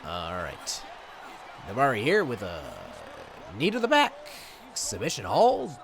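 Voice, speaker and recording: A man's voice: medium pitch, huge pitch swings, measured pace, a crowd in the background. A young man from Michigan casually commentating a wrestling video game, rambling and slipping into goofy voices. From Michigan, USA. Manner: rambling, self-interrupting, slips into goofy voices.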